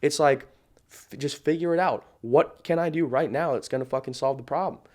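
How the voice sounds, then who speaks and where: A young man in his late teens speaks as a podcast guest, with a voice pitched a little higher than most men. He talks bluntly and swears freely, keeps saying "bro," and restarts his sentences as he rambles through his stories. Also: a little fast, darkish tone. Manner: blunt, profane, emphatic, peppered with "bro". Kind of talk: casual podcast storytelling.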